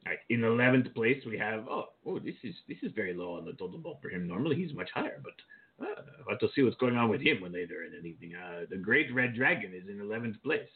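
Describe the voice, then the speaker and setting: Male co-host, low voice, rambling and flirty, tinny phone-line sound. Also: very animated, quick pace, vocal fry. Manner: flirty, joking asides, rambling. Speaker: co-host reading rankings. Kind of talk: casual joking show chat.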